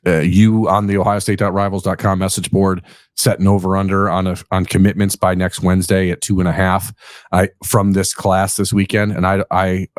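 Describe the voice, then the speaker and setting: A man's voice: sits low, no echo. A man hosting a casual sports podcast, tired and rambling, often correcting himself and joking. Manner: rambling, self-correcting, jokey. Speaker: podcast host.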